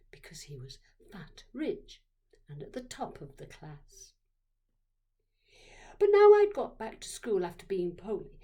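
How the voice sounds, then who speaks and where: A woman narrating a childhood memoir story, expressive and dropping to dramatic whispers. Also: medium pitch, slightly rough.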